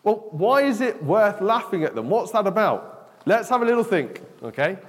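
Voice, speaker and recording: A man's voice: sits high, big pitch swings, moderate pace. A man giving an interactive children's talk in church, chatty and often asking "okay?". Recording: long echo of a large hall.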